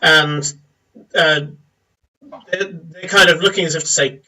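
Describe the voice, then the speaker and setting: Bright-voiced man narrating as game master. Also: fairly high pitch, steady tone, a little slow, far from the mic, low-quality recording. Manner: descriptive, hesitant with fillers.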